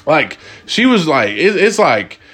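A man hosting a casual, comedic talk, reading out viewer submissions and reacting with loud, profane amusement. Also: a little high, slow, husky, soft background music. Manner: animated, laughing, profane, cracks up. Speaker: host.

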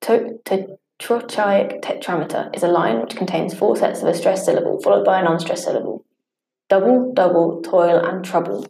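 A woman reading a scripted study lesson at a steady pace, sometimes stumbling and restarting on harder words. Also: medium pitch, brisk, creaky. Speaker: teacher. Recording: echoey room.

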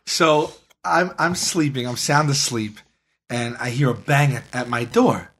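A man co-hosting a podcast, telling a long story in a casual, animated way and acting out the dialogue. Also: mid-range voice, measured pace, breathy edge. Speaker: podcast co-host.

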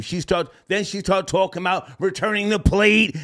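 A man hosting a call-in show, telling a rambling story in a casual, profane, animated way and laughing as he goes. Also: sits high, moderate pace, hardly any pauses.

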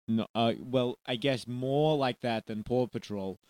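Homem, voz limpa e ressonante, improviso de podcast, gravação seca e próxima. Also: male voice, medium pitch, a little slow, darkish tone, clean tone, dry recording. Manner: mock-bossy director voice, laughing often. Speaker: podcast co-host. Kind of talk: improv comedy riffing.

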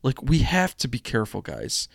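A man's voice: mid-range voice, very animated, normal speed, creaky, no echo. A young man from the United States hosts a political commentary stream in a casual, rambling way. He reads headlines and drifts into chatty asides. His mid-range voice sounds close and dry, with no room around it.

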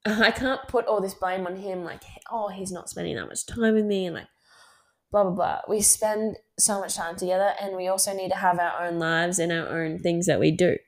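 Australian woman, twenties, casual personal talk, chatty, open, mid-pitched. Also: a little mellow. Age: 20s. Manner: candid and chatty, with frequent fillers and laughs. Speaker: podcast host.

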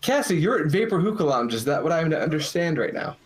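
A man's voice: on the high side, big pitch swings, fast talker. A man co-hosting a podcast, openly drunk, rambling and swearing in casual chat. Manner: profane, rambling, boisterous. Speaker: podcast co-host.

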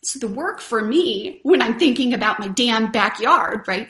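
A woman's voice: on the high side, animated, normal speed, sharp tone. A woman hosting a live stream, giving a casual, earnest motivational talk and chatting with viewers. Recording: roomy echo.

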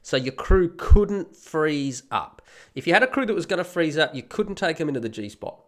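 A man's voice: a little high, lively intonation, normal speed, a bit bright. A middle-aged man hosting a podcast, telling a rambling, profane story in a casual monologue while sick with a head cold. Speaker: podcast host.

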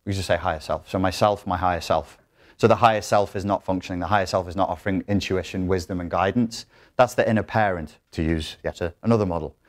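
A man's voice: low-pitched, fast talker. Blunt, profane man giving a workshop talk. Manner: blunt, profane, joking, with laughs and restarts. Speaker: workshop speaker. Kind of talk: live workshop talk to an audience.

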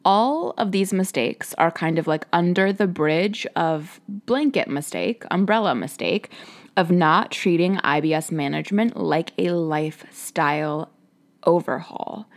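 A woman's voice: lowish voice, moderate pace. A young woman hosting a podcast, chatting casually in a sing-songy, talkative way full of "like". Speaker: podcast host.

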